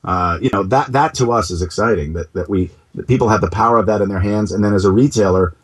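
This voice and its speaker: A man talking as a startup co-founder in an interview. He is animated and keeps restarting his sentences, and he throws in comic asides. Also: fairly low pitch, fast talker, husky. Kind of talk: casual interview talk.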